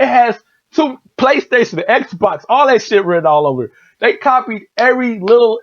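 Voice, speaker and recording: A man hosting a solo podcast, ranting heatedly with lots of profanity and repetition. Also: high-pitched. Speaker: podcast host. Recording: dull lo-fi podcast audio.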